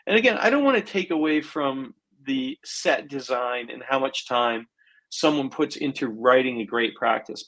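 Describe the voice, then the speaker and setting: A man's voice: mid-range voice, fairly bright tone, poor audio. A man co-hosting a coaching podcast in casual chat, rambling with lots of "um" and "you know". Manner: rambling, many fillers and restarts. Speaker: swim coach, podcast co-host.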